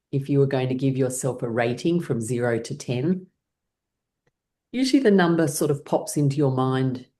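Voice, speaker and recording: A woman teaching a laughter class, guiding listeners gently through breathing and playful laughing exercises. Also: a bass voice. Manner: gentle, encouraging guidance with playful laughter breaks.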